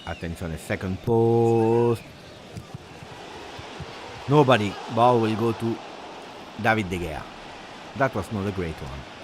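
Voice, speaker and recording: A man hosting a live football watch-along, excitable and anxious, chanting repeated words and breaking into shouts. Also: fairly low pitch, slow, long pauses, background noise. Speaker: football fan channel host.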